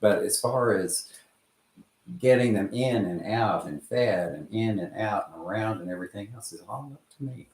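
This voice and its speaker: A chuckling, profane storyteller from West Texas rambles through his tales in a relaxed way. His voice is on the low side and a little mellow, at a moderate pace, with roomy echo in the recording.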